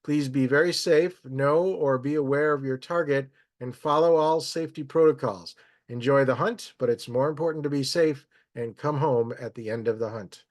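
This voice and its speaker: A man's voice: mid-range voice, normal speed. A man reading a local government announcement in an earnest, careful way and handing over to the next speaker. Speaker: local official presenting an update. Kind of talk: read announcement.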